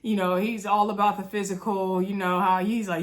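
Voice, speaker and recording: This young woman speaks at a normal speed in a mid-range voice with flat delivery, though her reality show recap is chatty and gossipy. She calls out to viewers directly, addressing them as "y'all," and acts out quotes.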